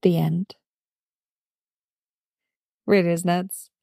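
A woman narrating a fan story aloud, gentle and smiling as she reads. Her voice has a gravelly texture, and the recording is dry and close to the mic. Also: on the low side, flat delivery, extremely slow, dry recording. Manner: gentle, warm storytelling with a smile in the voice. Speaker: fan fiction reader. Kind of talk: audiobook-style story narration.

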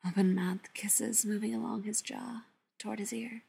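Husky, half-whispered woman narrator. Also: mid-range voice, steady tone, moderate pace. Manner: soft, half-whispered reading. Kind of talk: audiobook narration.

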